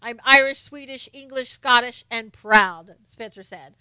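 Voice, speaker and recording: Chatty woman on a live stream, high bright voice, laughs a lot, reads out comments. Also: unhurried, smooth, no room sound. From Southern United States. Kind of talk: casual live-stream chat reading viewer comments.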